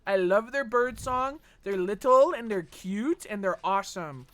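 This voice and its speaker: Male streamer, from Texas, casual and profane, reads chat aloud, bright voice with a wide swing. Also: high voice, animated, measured pace. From Texas, USA. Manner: rambling, profane, reads chat messages aloud and jokes back. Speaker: gaming streamer. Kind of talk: casual livestream chat while gaming.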